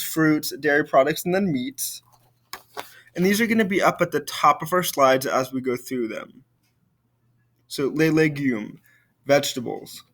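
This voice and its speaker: A man's voice: a little high, a bit bright. A man teaching a recorded French lesson, patiently saying vocabulary for students to repeat.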